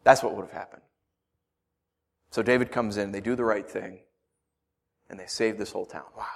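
A man's voice: lowish voice, steady tone, normal speed, gravelly. A middle-aged man preaching a sermon, reading scripture and then explaining it in a loose, conversational way with asides and jokes. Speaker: pastor.

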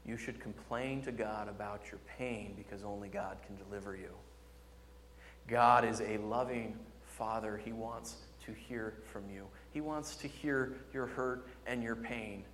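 A male pastor preaching a sermon with impassioned delivery, swinging between loud emphasis and hushed, tender tones. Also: on the low side, fairly even intonation, unhurried, big-room sound, slight background noise.

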